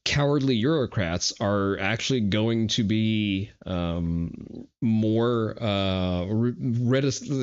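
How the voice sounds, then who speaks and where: A low-voiced American man hosting a casual livestream. He talks bluntly and swears often, stumbling over fillers as he goes. The sound is dull and lo-fi. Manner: blunt and profane, with hesitant fillers and laughs. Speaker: livestream host. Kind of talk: casual stream commentary.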